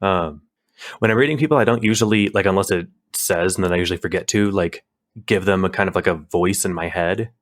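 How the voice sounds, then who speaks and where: Fairly quick and deep-voiced, this man co-hosts a podcast in a relaxed, rambling chat. Fillers and restarts crop up constantly.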